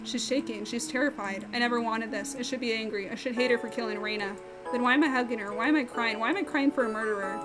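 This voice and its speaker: A woman's voice: on the high side, fast, close to an everyday voice. A woman voicing a grieving, conflicted young heroine in earnest inner monologue, over game music.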